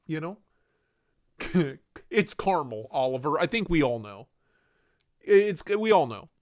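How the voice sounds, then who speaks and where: A man's voice: fairly high pitch, very animated, unhurried, darkish tone, no echo, clean studio sound. A man hosting a casual livestream, joking and reading chat aloud in a playful way. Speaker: livestream host.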